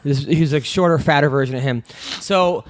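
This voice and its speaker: Guy in his 30s rambling thru a swear-heavy story on a podcast, kinda high voice. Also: brisk. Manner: rambling, profane, restarts often. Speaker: podcast co-host. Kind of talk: casual storytelling chat.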